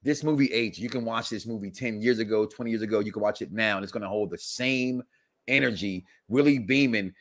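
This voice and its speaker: A man's voice: on the low side, a little fast. A man in his forties hosting a casual podcast chat, rambling and laughing often. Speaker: host.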